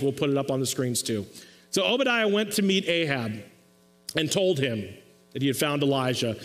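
A man's voice: on the high side, in a large hall. A man preaching a sermon as pastor, retelling a story with playful asides and acting out the quotes.

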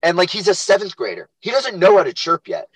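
A young man co-hosting a casual podcast, an animated storyteller who acts out the quotes in his anecdotes. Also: sits high, fairly quick, breathy edge, no room sound, low-quality recording. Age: young adult. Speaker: podcast co-host and youth lacrosse coach. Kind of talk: casual chat.

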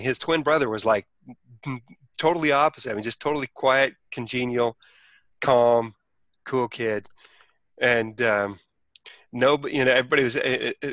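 A man's voice: medium pitch, pushed and bright, no room sound. A man telling a personal story in casual conversation, rambling with many restarts and acting out quoted speech.

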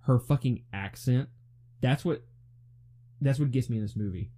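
A man's voice: mid-range voice, moderate pace, mellow. A young man co-hosting a casual movie review chat, blunt and laughing often, swearing freely. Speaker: podcast co-host.

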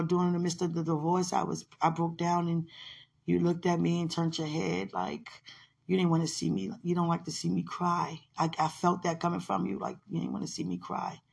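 A woman's voice: fairly low pitch, gravelly, slightly rough. A woman in casual, heartfelt one-sided talk, rambling and affectionate, often laughing, with religious phrasing.

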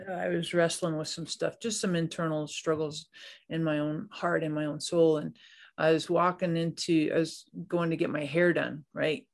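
A man's voice: fairly high pitch, flat delivery, normal speed, gravelly. A man hosting a faith podcast, upbeat and enthusiastic as he chats with a guest. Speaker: podcast host.

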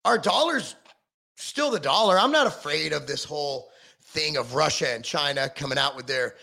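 A middle-aged man rants with sarcasm and constant swearing. His voice sits high and gravelly and swoops up and down as he vents. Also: animated, normal speed, sharp tone. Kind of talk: profane political rant.

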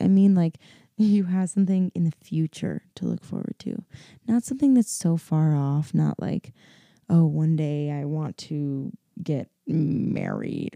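A woman in her early twenties hosts a casual solo podcast, rambling upbeat with plenty of fillers and laughter while sounding sleepy. Her voice is on the low side, dark-toned with vocal fry, and the recording is dry.

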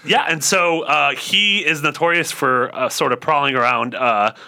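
A man's voice: fairly high pitch, normal speed, gravelly, pushed and bright. A man telling an anecdote in a casual podcast chat, rambling with lots of fillers. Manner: rambling storyteller, full of fillers.

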